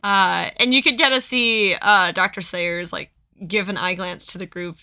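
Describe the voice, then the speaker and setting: A woman narrating as game master, relaxed and halting with many fillers. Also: mid-range voice, clear, resonant tone, dry recording, studio quality.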